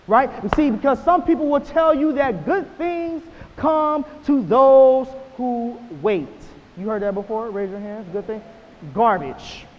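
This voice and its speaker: A young man in his twenties delivers a motivational keynote in a high voice. He is punchy and repetitive, often checking in with "right?" His voice sounds dull and echoes through a large hall, with faint hiss behind it. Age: 20s. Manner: punchy, repeats phrases and asks "right?". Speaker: motivational speaker.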